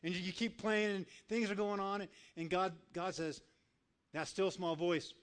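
Animated man telling a sermon story. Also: high voice, moderate pace, clear, resonant tone. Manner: animated storyteller acting out voices, dropping soft for quiet lines. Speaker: guest speaker.

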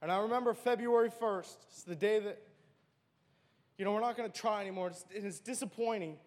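A man's voice: sits high, fairly quick, long reverb tail. A man giving an earnest, emotional personal testimony as a church speaker.

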